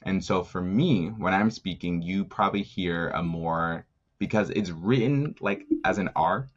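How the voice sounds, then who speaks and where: Deep-voiced man, casual interview guest. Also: measured pace, lo-fi sound. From New Jersey, USA. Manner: rambling, frequent fillers and tag questions.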